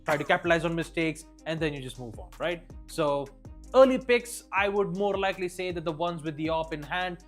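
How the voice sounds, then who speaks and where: Brief: male analyst caster, slightly high voice, thinks aloud. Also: steady tone, fairly quick, hardly any pauses, fairly bright tone, faint music behind. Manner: analytical, hesitant with fillers. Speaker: esports caster. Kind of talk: esports color commentary.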